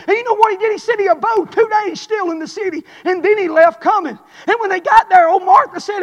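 High-pitched preacher, booming hall. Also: male voice, fast talker, hardly any pauses. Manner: fiery, swings from hushed to shouting. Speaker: pastor. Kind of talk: sermon. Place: church sanctuary. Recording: long hall reverb.

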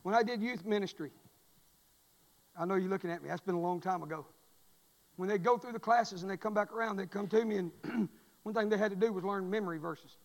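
High-voiced preacher in a reverberant church. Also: male voice, a little fast, long pauses. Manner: folksy, storytelling, rising to shouts. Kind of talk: sermon. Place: church sanctuary. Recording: long reverb of a church hall.

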